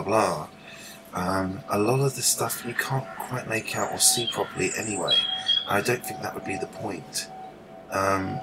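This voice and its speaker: A man's voice: low voice, rough recording. A man rambling through live commentary outdoors as he films the sky, swearing casually and trailing off mid-sentence. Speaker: livestreamer filming the sky. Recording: loud outdoor noise.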